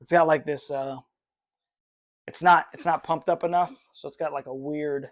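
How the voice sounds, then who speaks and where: A man's voice: fairly high pitch, steady tone, normal speed. A man from North Carolina hosting a live sports reaction stream from his room, rambling with many fillers and sounding frustrated with his team. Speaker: fan livestream host.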